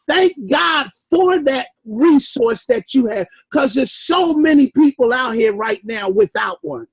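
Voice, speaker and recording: A man leading a personal development class, giving an emphatic motivational talk with bursts of shouting. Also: extremely high pitch, no echo, low-quality recording.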